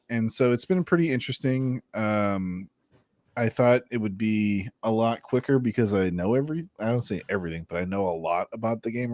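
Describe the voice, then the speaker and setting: A relaxed man in casual podcast chat, chuckling as he tells his story at a middle pitch. The sound is dry and close to the mic. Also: no room sound. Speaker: podcast co-host.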